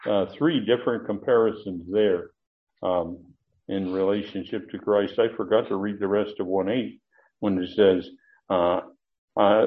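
Male preacher, somewhat low voice, teaching scripture with many fillers, swelling to emphatic points; tinny, phone-like recording. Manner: explains Greek grammar, frequent uh fillers, rising emphasis. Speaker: preacher teaching Bible study. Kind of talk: expository sermon.

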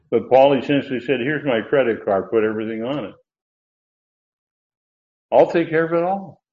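Guy teaching a bible class, lots of grammar asides and fixing himself, kinda muffled lo-fi audio. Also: fairly low pitch. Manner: explains Greek grammar with asides and self-corrections. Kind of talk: Bible study lecture. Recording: dull lo-fi recording.

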